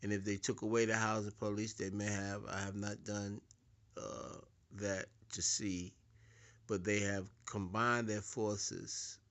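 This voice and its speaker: A man giving a preaching-style lecture, deliberate and repetitive, swelling louder to stress his points. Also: on the low side, little pitch movement. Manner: deliberate, repeats words, swells louder for emphasis. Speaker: speaker giving a talk.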